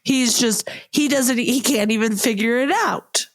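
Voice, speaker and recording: A woman's voice: a little high, unhurried, voice pushed up. A woman playing a fed-up wife in an improv comedy scene, scolding and exasperated.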